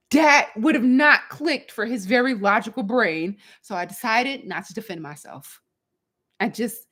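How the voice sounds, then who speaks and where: Woman coach talking thru a personal story, candid, acts out her own thoughts. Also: mid-range voice. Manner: candid, animated storytelling with quoted inner dialogue. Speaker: life coach. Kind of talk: personal reflective monologue.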